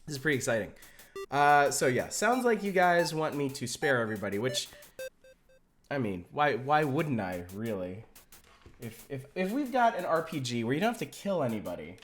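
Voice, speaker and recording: A game streamer chatting casually and joking with viewers while playing, over game music. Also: mid-range voice. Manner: wry, joking, reacts to chat. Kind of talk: casual live-stream commentary. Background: video game music.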